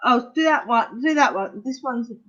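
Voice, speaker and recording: A woman's voice: fairly high pitch, expressive, normal speed, a bit bright, lo-fi sound. A middle-aged woman learning makeup as a guest, giggly and self-deprecating.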